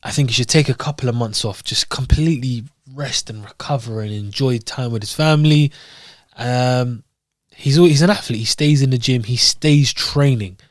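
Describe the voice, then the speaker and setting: A young man co-hosting a podcast, chatting casually and explaining fight results in an animated way. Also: medium pitch, moderate pace, dry recording, studio quality. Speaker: podcast co-host. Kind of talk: casual chat.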